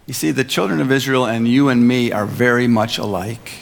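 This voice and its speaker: A male pastor giving a sermon, earnest and emphatic, slowing down on key phrases and slipping in playful asides. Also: medium pitch, creaky, in a large hall.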